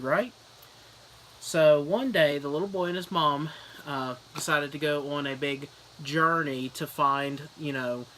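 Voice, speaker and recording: A man's voice: fairly high pitch, slight background noise. Rambling young man telling a fake book plot. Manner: rambling deadpan storytelling with fillers. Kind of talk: comedic fake book review.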